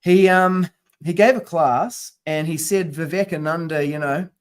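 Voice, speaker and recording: High-voiced man telling a story casually. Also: a little slow. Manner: chatty, storytelling with slang and mock quotes. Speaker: podcast co-host. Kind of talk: casual chat.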